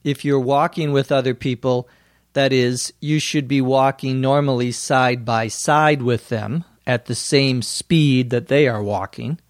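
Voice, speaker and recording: A male English teacher and host slowly explaining phrases to language learners, speaking clearly and giving acted example lines. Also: mid-range voice, steady tone, no room sound, studio quality.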